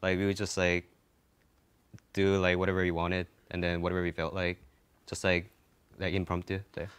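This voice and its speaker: A young man answering interview questions as a player, halting with simple phrasing and many fillers. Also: low voice, completely flat delivery, smooth. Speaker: esports player. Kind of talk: post-match interview.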